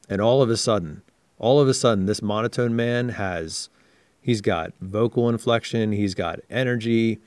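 A man co-hosting a casual sales-training podcast, who explains ideas in steady, reflective points. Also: on the low side, moderate pace, dry recording. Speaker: podcast co-host.

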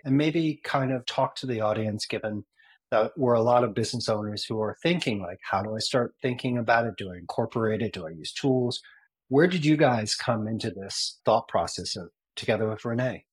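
A man's voice: medium pitch, moderate pace, breathy edge, rough recording. A man hosting an interview show, asking long, loosely worded questions. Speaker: host. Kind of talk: podcast interview.

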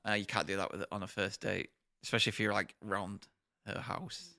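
A man, a chatty podcast co-host who calls his own voice squeaky. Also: fairly even intonation, brisk, creaky, pushed and bright. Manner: chatty, self-described squeaky. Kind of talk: casual banter.

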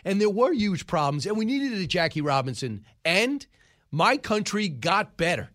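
A man's voice: high-pitched, sing-song, moderate pace, a bit bright. A man hosting a talk show, talking casually with frequent restarts.

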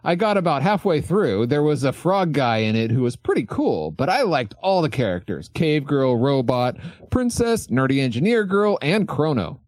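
A man co-hosting a retro game podcast, making quick jokes in casual chat. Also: fairly high pitch, big pitch swings, darkish tone, no echo, clean studio sound. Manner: jokey, quick quips. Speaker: podcast co-host.

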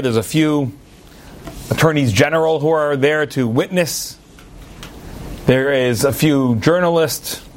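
A man preaching as a rabbi, telling a parable with jokey asides and sudden high emphatic swings. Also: slight background noise. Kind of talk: sermon with a told parable.

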